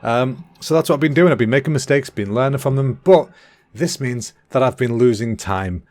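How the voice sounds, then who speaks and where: A man's voice: medium pitch, moderate pace, darkish tone. English male comic host, mid-range voice, cheeky and sweary, rambles off on tangents. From England. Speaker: podcast host. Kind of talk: rambling solo comedy monologue.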